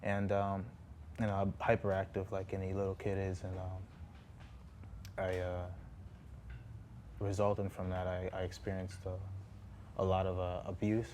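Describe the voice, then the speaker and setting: A young man of about twenty, a former Marine guest on a talk show, speaking haltingly with many fillers and restarts. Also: sits low, monotone, a little mellow, a little hiss or hum.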